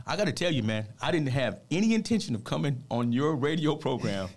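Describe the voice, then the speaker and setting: A man with a gravelly, creaky voice speaking at a middling pitch. He tells a personal story with heartfelt, emphatic earnestness, pressing his points home the way a preacher would. He sounds like a motivational speaker talking on a radio program. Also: expressive, a little fast, hardly any pauses.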